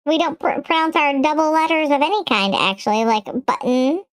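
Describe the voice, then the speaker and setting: A woman's voice: high-pitched, expressive, a little fast, dry recording. A woman with a Michigan accent hosting a casual live game stream, rambling and answering chat as she plays. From Michigan, USA.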